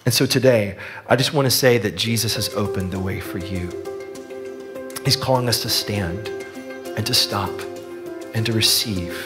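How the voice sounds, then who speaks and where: A man preaching a sermon as pastor, telling a story earnestly and dropping his voice softly on the key lines. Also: fairly low pitch, moderate pace, pauses often, loud music behind the voice.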